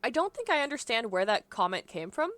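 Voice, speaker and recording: A woman's voice: a little high, big pitch swings, brisk, a bit bright, no echo. A young adult woman streaming a game live, chatting casually and rambling, often breaking into laughs. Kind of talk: casual live-stream chat while gaming.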